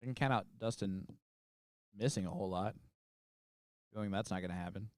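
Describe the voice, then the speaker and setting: A man's voice: on the low side, fairly quick, dry recording. A man from the American Midwest co-commentating a darts final, teasing his partner with dry remarks. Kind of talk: live sports commentary with banter.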